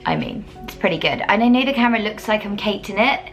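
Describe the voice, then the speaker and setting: An English woman chatting casually in a vlog, gushing and full of fillers, and cooing at her dog in a high baby voice. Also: wildly swooping pitch, fast talker, soft background music. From England. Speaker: vlogger.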